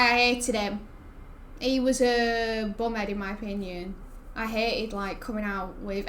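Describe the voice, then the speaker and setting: A woman's voice: a little high, a bit bright, a little hiss or hum. Chatty young woman streaming. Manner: chatty, rambling, laughs often. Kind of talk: casual gaming stream chat.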